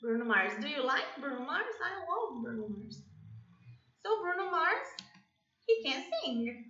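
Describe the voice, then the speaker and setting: A woman's voice: high voice, very animated, measured pace, pushed and bright, echoey room, far from the mic, muffled recording. A woman with a Brazilian Portuguese accent teaching a basic English lesson, encouraging and switching into Portuguese to translate.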